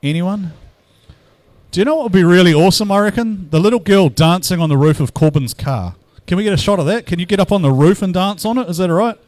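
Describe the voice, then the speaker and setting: A New man hosts live commentary at an outdoor drift track, his voice a little higher than most. He jokes with the crowd in a relaxed way as the drivers line up. His mic sounds close and dry, and vehicles rumble in the background. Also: fast, few pauses, no room sound. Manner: chatty, teasing banter with the crowd. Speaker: event commentator.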